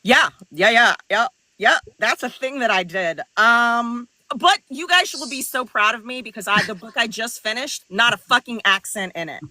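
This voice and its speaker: Woman author co-hosting a live chat, swears a lot, makes fun of herself, high bright voice. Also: lively intonation, moderate pace, few pauses, no room sound, rough recording. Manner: blunt, self-mocking, swears freely. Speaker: author and co-host. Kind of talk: casual live-stream chat.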